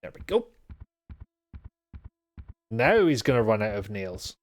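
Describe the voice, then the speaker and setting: A man's voice: fairly low pitch, very animated, slow. A man streaming a video game live, commenting in a sweary, exasperated and sarcastic way.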